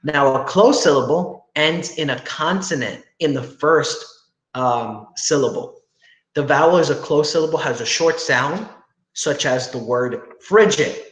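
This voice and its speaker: On a video call, a young man teaches at a measured pace, his voice a little high and a bit bright. He explains each step and keeps asking "right?" to confirm his students are following, and faint noise echoes in his room.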